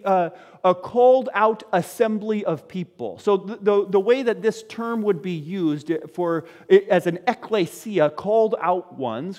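A man preaching a sermon as a pastor, speaking in a lively way to his congregation. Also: high voice, in a large hall.

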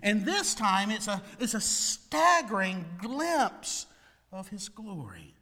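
A man delivers a sermon in a high, lively voice that swoops up and down with dramatic emphasis. He takes his time, letting each phrase land. The sound rings with the long reverb of a large hall. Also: slow. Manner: animated preaching with dramatic swings in pitch and loudness. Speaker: pastor.

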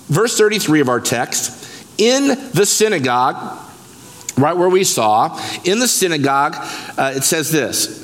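Pastor guy preaching hard, kinda high voice, big church hall echo. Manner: animated preaching, breaks scripture down word by word. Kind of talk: sermon. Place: church sanctuary. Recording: long reverb of a church hall.

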